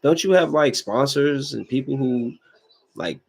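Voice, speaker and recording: Man, podcast host, animated solo rant, filler-heavy, voice jumps high when worked up. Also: measured pace, vocal fry, slightly rough. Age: adult with kids. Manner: animated, repeats himself, lots of "like" fillers.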